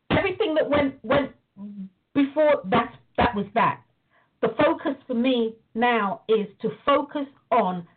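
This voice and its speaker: A woman telling a story and teaching in casual talk on a call, animated, acting out the voices in her stories. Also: fairly high pitch, husky. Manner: animated storytelling, acts out quoted dialogue. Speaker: prayer and visualization teacher. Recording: tinny phone-like line.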